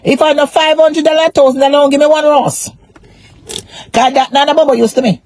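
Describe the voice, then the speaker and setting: A woman's voice: high-pitched, steady tone, fairly quick, darkish tone, no room sound. A Jamaican woman on a casual live stream, rambling in a repetitive, emphatic way about money, shame and her pain. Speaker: social media personality.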